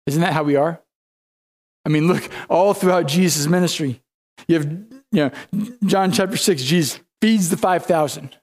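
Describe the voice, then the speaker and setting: A man with a notably high voice delivers a sermon as a pastor. He tells the story in a loose, conversational way, slipping into casual modern phrasing as he goes. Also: normal speed, darkish tone.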